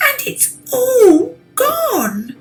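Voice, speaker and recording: A woman voicing a small weepy bear cub that cries as it talks, in an animated storybook. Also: extremely high pitch, very slow, over music, pitched above the performer's own voice, full character voice. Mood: tearful. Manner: crying, wailing.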